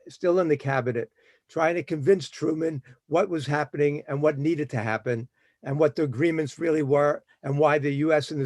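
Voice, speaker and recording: A man giving a history talk in a storytelling manner, brisk and with fillers and restarts. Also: on the high side, a little mellow, no echo. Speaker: historian speaker.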